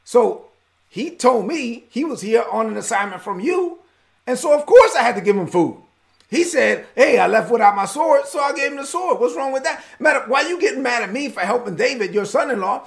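A man's voice: extremely high pitch, big pitch swings, normal speed, gravelly, darkish tone, voice pushed up, heavily acted. A male preacher voicing a bewildered priest protesting his innocence to a king. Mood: indignant. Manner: protesting, exasperated.

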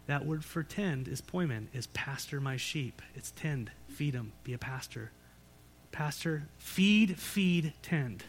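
A man's voice: fairly high pitch, expressive, a little slow. A man preaching a sermon as pastor, in a conversational way with rhetorical questions and light jokes. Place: church sanctuary.

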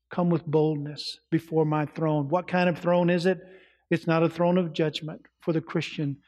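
A man preaching a sermon, asking his listeners questions and dropping to quiet, soft tones. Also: on the high side. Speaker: pastor. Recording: reverberant hall.

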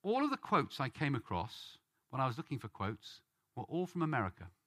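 A man's voice: medium pitch, wildly swooping pitch, a little fast, a bit bright. A man from Britain giving an earnest sermon-style Bible teaching and leading a study group. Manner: earnest, rising on questions and names.

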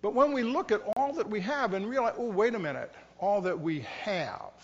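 A man's voice: high voice, animated, normal speed. A middle-aged man preaching as a pastor, conversational and self-mocking, acting out the inner voices of his listeners. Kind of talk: sermon. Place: church sanctuary. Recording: dull sound, long reverb in a church.

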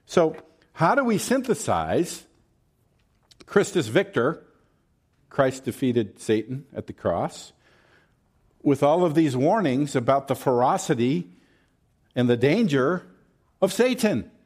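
Animated preacher man, lively and slow. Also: medium pitch, slightly rough. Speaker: pastor. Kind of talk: sermon.

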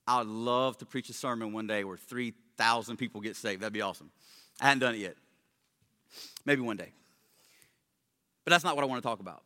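A man preaching a sermon as pastor, conversational and excitable with casual slang. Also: medium pitch, brisk, pauses often, in a large hall.

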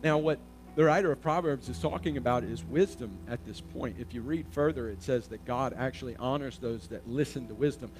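A man preaching a sermon, asking the congregation questions and swelling to loud emphatic peaks. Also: mid-range voice, brisk, slight background noise. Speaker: pastor.

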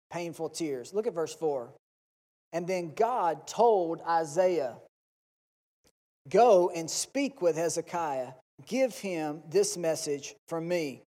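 A man's voice: fairly high pitch, darkish tone. A man preaching a Sunday sermon with passion, acting out pleading prayers in rising and falling bursts. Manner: impassioned, acts out pleading prayers. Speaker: pastor. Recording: long reverb.

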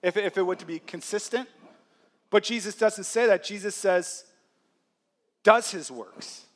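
A man's voice: high-pitched, steady tone, moderate pace. A man preaching a sermon as pastor, in a conversational way, acting out quotes and laughing lightly as he teaches.

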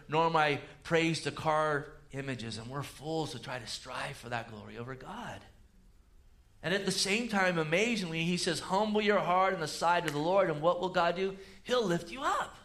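A man preaching a sermon, swinging between loud emphatic rises and low quiet asides. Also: moderate pace. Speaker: pastor.

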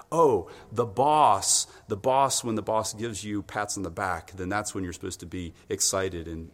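A man preaching a sermon in an animated storytelling way, acting out the voices of the people in his stories. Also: on the low side, in a large hall.

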